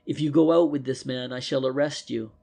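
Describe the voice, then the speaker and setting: A man voicing a determined young plainclothes policeman in a detective audiobook, speaking earnestly and forcefully. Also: mid-range voice, steady tone, brisk, creaky. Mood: intense.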